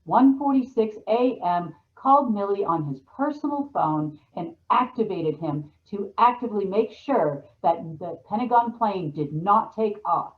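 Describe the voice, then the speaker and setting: A woman's voice: mid-range voice, lively intonation, a little slow, few pauses. A woman hosting a show, talking casually in a rambling way with frequent restarts, heard over a phone-like line. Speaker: show host. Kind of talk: casual monologue on a call.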